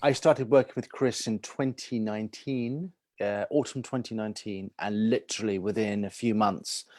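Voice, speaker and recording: A man's voice: on the low side, a little mellow, dry recording, studio quality. A British man, a talent manager, chatting casually and enthusiastically as a guest on a live stream. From Britain.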